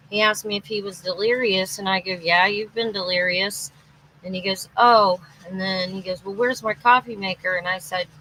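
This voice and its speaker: An exhausted, anxious woman livestreams a rambling monologue on a phone or webcam, restarting sentences as she goes. Her voice is medium-pitched, bright, and forceful, and the poor audio carries a little hiss or hum.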